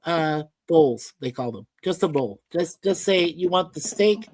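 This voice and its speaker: A woman hosting a casual live-stream chat, chatty and quick to laugh, telling rambling stories. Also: low voice, lively intonation, a little mellow, breathy edge. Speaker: host.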